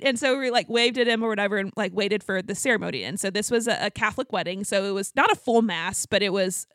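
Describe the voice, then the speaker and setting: A woman co-hosting a podcast, telling a story in a fast, animated way with lots of filler words. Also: mid-range voice, no room sound. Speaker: podcast co-host. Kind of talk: casual storytelling chat.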